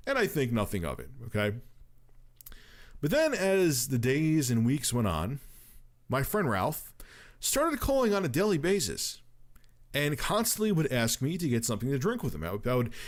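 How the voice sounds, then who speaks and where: A man in his thirties recounts a long, winding story in a casual, profane way. He jumps into acted-out quotes as he goes. His voice sits at an ordinary middle pitch. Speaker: storyteller on a livestream.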